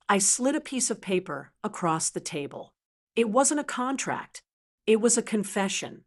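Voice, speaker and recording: A woman narrating a first-person story in a measured, dramatic storytelling manner, voicing its characters and their quoted lines as she goes. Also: mid-range voice, big pitch swings.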